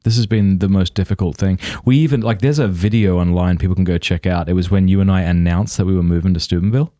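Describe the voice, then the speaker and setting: Podcast host, middle-aged man, low voice, earnest and supportive, casual chat. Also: fairly even intonation, dark tone, dry recording, clean studio sound. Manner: earnest, supportive, quick to laugh. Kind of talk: casual conversation.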